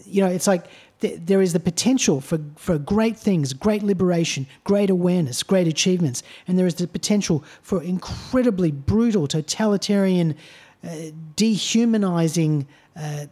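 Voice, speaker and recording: Mellow-voiced male radio host, hesitant. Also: high-pitched, slightly rough. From Australia. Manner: thoughtful, hesitant, repeats words. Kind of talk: casual radio chat.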